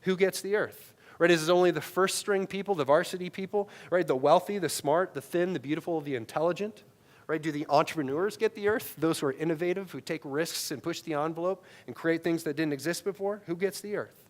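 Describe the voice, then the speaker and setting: A man in his thirties preaching a sermon into a headset mic, his voice sitting a little high for a man. He talks to the congregation conversationally and keeps checking in with "right?". His delivery swings between loud, emphatic peaks and quiet, low asides. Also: a little fast. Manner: conversational preaching, tags many lines with "right?". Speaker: pastor.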